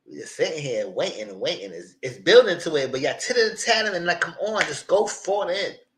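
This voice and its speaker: A young man hosting a casual live TV recap, animated and slipping into the voices of the people he quotes. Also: fairly high pitch, brisk, reverberant, rough recording. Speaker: YouTube TV recap host.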